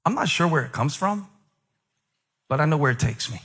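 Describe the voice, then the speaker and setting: A man's voice: fairly high pitch, lively intonation, moderate pace, fairly bright tone, slightly rough. A middle-aged male pastor preaching a sermon in a conversational way, joking with the congregation and breaking into emphatic surges. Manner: jokes with the congregation.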